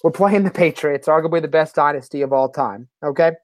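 A man's voice: a little high, a little fast, dry recording, clean studio sound. A man co-hosting a sports podcast, talking in an upbeat, fired-up way. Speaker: podcast co-host. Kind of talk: casual sports podcast chat.

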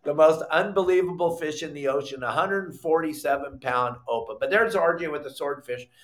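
A middle-aged man hosting a live fishing podcast, telling a story with lively acted-out quotes and bursts of shouting. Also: a little high, normal speed. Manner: animated storyteller, acts out quotes, shouts when excited. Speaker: podcast host.

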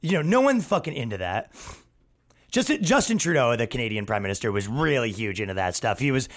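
Guy ranting on his podcast, foul-mouthed and sarcastic, voice jumps all over the place. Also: fairly quick. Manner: profane, sarcastic, mocking, with put-on voices for others; animated, swings between loud outbursts and low asides. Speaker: podcast host and stand-up comedian. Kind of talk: casual ranting monologue.

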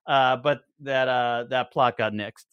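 A man's voice: mid-range voice, steady tone, unhurried, clear, resonant tone, dry recording, dull audio. A young adult man telling stories as a podcast guest in casual chat, rambling with many fillers and restarts. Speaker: podcast guest, show co-creator.

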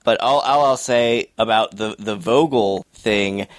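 A man's voice: on the low side, measured pace, no echo. A man co-hosting a TV review podcast, chatting in an easygoing, playful way and laughing often as he talks. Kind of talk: casual review chat.

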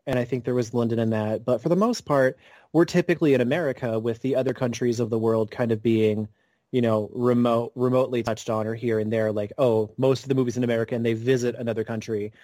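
A man's voice: medium pitch, steady tone, fast talker, mellow, no room sound. Rambling man, dry close sound. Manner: rambling, self-correcting with many restarts. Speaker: podcast co-host. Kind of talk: casual chat.

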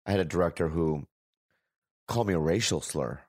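A man's voice: sits low, fairly quick, no room sound, clean studio sound. A man in casual conversation, an eager listener who keeps urging the other speaker on. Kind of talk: casual chat.

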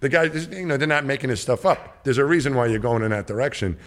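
A middle-aged former astronaut, appearing as a guest on an interview show, tells a long, rambling anecdote and acts out what the people in it said. His mid-range voice is animated and he speaks fast.

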